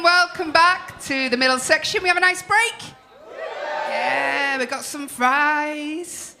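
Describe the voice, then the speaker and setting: A woman's voice: high voice, pushed and bright. A woman hosting a comedy club night, teasing the crowd in brash, sweary banter. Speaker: stand-up comedy compere. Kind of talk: stand-up crowd work.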